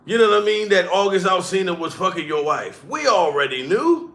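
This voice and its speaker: A man's voice: high-pitched, lively intonation, fairly quick, fairly bright tone. A comedian streamer ranting profanely and mockingly on a live stream, calling out to chat as he goes. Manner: profane, heated, mocking rant.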